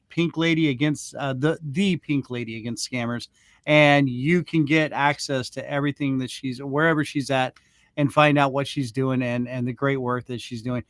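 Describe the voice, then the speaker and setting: A man's voice: a little high, no room sound, studio quality. A man hosting a casual talk show, hesitant, with many ums and restarts. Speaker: host.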